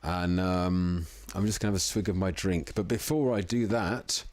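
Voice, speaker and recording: A man's voice: low-pitched, steady tone, normal speed, darkish tone, no room sound. A man hosting a casual live music-making stream from home, chatty and self-deprecating, a little tipsy. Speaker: livestream music producer host. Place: home room in the evening.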